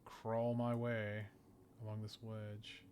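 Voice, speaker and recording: A man's voice: lowish voice, completely flat delivery, takes it slowly, smooth. A man playing in a tabletop game, working through the rules aloud and planning his character's moves. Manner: methodical, checks rules out loud. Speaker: player.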